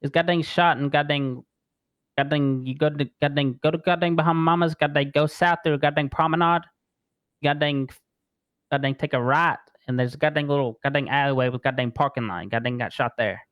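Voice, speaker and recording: A man doing a shaken male witness in an online role-play game who jams one curse word into almost every phrase. His voice sits fairly high, and it is recorded dry and close. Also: fairly even intonation, fairly quick, smooth, dry recording, highs cut off, natural voice. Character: rattled male crime witness, compulsive swearer.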